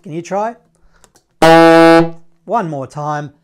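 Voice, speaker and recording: Upbeat sax teacher. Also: male voice, on the high side, animated, takes it slowly, long pauses, a little mellow, faint music behind. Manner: upbeat, playful, sings note sounds. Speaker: saxophone teacher. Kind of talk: casual video lesson.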